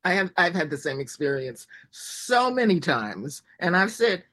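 A woman from the United States, speaking as an interview guest in an animated way, asking herself rhetorical questions and laughing between points. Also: sits low, moderate pace, few pauses. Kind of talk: conversational interview.

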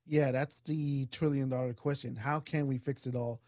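A man's voice: mid-range voice, normal speed, dry recording, clean studio sound. A man hosting a radio talk show, thanking guests and closing the program. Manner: steady, wraps up segments and thanks guests.

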